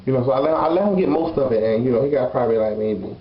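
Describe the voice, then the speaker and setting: A man's voice: mid-range voice, rapid-fire, natural voice. A man voicing a sassy, blunt young woman who frankly tells a comic dating confession and laughs between lines. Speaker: storyteller. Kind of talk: comedic confession monologue. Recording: roomy, slightly dull recording.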